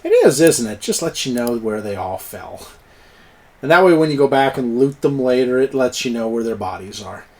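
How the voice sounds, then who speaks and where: A man's voice: mid-range voice, expressive, normal speed, a little mellow. A man narrating a tabletop game as game master, chuckling and cheering on the players' rolls. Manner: chuckling, encouraging, plays up dice rolls.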